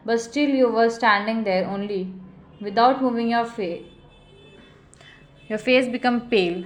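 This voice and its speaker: A woman narrating a second-person fan fiction story in a steady, plain storytelling manner. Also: mid-range voice, moderate pace.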